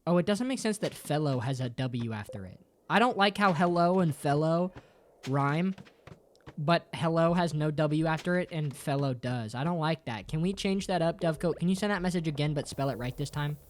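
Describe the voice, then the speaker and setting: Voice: animated, moderate pace. A streamer chatting casually with viewers in a playful, jokey way, swearing a lot and ending sentences with "bro". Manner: playful and jokey, with big jumps up and down in pitch. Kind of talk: casual livestream chat with viewers.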